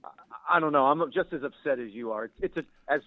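A man, co-hosting a casual sports podcast in an animated, enthusiastic way. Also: on the high side, fairly quick, dry recording, phone-quality sound. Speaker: podcast co-host.

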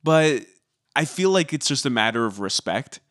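A man's voice: medium pitch, very animated, normal speed, a bit bright, no echo, studio quality. A man co-hosting a podcast, teasing and giving firm opinions on a reality show. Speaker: podcast co-host. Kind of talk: casual reality TV recap chat.

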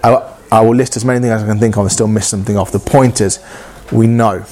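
A man with a somewhat low voice delivers a sermon. He talks earnestly and conversationally, repeating phrases and acting out what people might say to themselves or to God. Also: fairly even intonation, fast talker, a little mellow. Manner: earnest, repetitive, conversational preaching with acted-out inner dialogue. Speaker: preacher.

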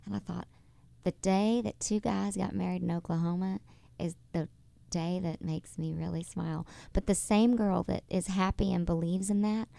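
A woman talks as a guest in a studio interview, effusive and bubbly and quick to call people darling. Her voice carries a gravelly fry at the ends of phrases. The sound is close and dry, with no room around it. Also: fairly low pitch, fairly even intonation, warm tone, no echo. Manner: bubbly and effusive, with quick laughs and affectionate terms. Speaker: interview guest, stage performer. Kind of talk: casual interview chat. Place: radio studio.

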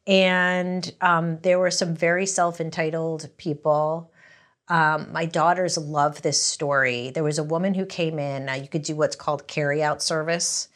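A middle-aged woman from the US East Coast, a memoir author telling candid stories in an interview, rambling and animated with many restarts. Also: low voice.

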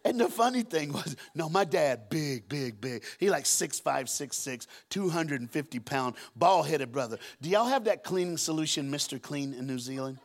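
A man preaching a sermon as a guest speaker, telling stories and acting out the scenes with shouts and deep put-on voices. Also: lively intonation, moderate pace, hardly any pauses. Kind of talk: storytelling sermon. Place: church auditorium.

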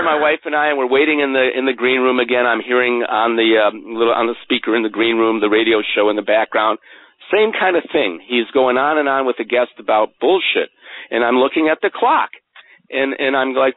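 A man telling a personal story as a guest in an interview, earnest and animated, often stumbling over repeated words, heard over a tinny phone line. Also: mid-range voice, brisk, no room sound. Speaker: guest author.

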